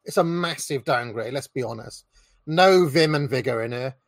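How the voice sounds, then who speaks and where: A man's voice: mid-range voice, moderate pace, dry recording, studio quality. A man giving a blunt, mocking rant as he reacts to a political interview. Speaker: political commentator reacting to a clip. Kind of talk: ranting reaction commentary.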